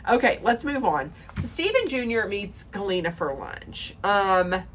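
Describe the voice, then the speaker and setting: A woman's voice: mid-range voice, very animated, unhurried, a little hiss or hum. A woman giving a chatty, opinionated recap rant, emphatic and rambling with sarcastic asides. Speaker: reality TV recap vlogger.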